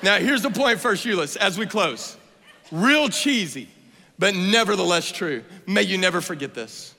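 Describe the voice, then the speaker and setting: Male preacher, 30s, bright and forceful, playful build to shouts, big hall echo. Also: high voice, moderate pace, vocal fry. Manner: playful, energetic, rising to shouts. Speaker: guest preacher. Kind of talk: sermon. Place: church sanctuary. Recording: long hall reverb.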